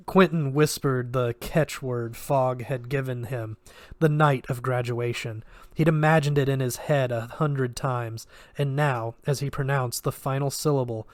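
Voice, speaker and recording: A man of middle pitch reads a fantasy novel aloud at home, narrating steadily and now and then going back to fix a word. His voice is picked up close, with a dry, dead sound and no room around it. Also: no echo. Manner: steady narration with occasional self-corrections. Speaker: reader of a novel.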